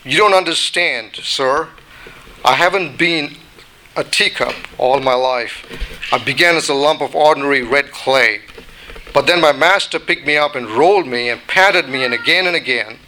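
A man's voice: mid-range voice, normal speed, sharp tone, slight background noise, lightly acted, rough recording. A man voicing a small china teacup that began as ordinary clay, telling its own story as a read-aloud. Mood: recounting. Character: little china teacup, once ordinary clay, long-suffering.

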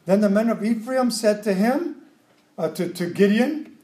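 A man preaching a sermon, emotional and expressive, acting out quotes with sudden loud outbursts. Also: high-pitched, a little slow, roomy sound. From Mexican background.

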